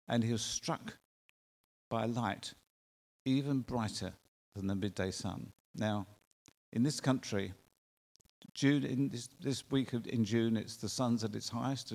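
A male preacher gives a sermon at a middling pitch, earnest and emphatic, stretching out key phrases and asking rhetorical questions. His voice rings out with the long reverb of a large hall. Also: measured pace, creaky, long pauses, darkish tone.

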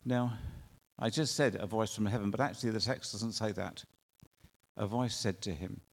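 A male preacher delivering a sermon in an earnest way, with drawn-out emphatic phrasing and rhetorical questions. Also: fairly low pitch. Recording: long reverb of a large hall.

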